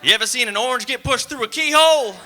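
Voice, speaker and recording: A man playing a foreboding 80s horror warning guy: loud, high, slow and drawn out, shrill edge. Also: slight background noise, full character voice. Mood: ominous. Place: theater stage.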